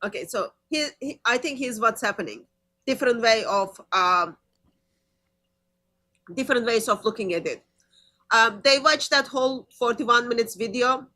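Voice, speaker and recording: A woman co-hosting a casual reaction commentary, animated and teasing. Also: on the high side, normal speed, long pauses. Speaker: co-host.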